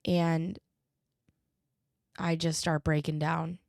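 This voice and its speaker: A woman's voice: low voice, little pitch movement, slow pace, vocal fry, darkish tone, no echo, studio quality. A woman podcast host telling a personal story in an earnest, emotional way. She speeds up when the tension rises.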